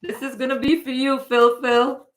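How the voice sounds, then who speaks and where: A woman from Guyana reads tarot live at a moderate pace, calling her listener darling and baby and returning to their name repeatedly. She goes from high, excited exclamations to low, whispered counsel.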